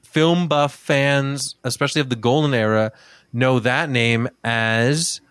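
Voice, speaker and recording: A man's voice: medium pitch, unhurried, fairly bright tone, smooth, dry recording. Chatty man telling a story, dry recording. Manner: chatty storyteller, swears freely, many "like" fillers. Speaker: podcast co-host telling the story. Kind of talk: casual chat.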